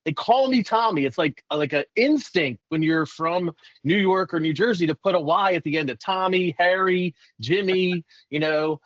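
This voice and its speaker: A man chatting quickly and animatedly on a video call webinar. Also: sits high, fairly bright tone, no room sound, muffled recording. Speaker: webinar participant. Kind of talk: casual chat.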